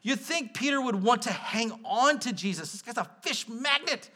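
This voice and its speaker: Bright high-voiced male preacher. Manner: conversational, animated preaching with asides and quick bursts. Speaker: pastor. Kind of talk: sermon.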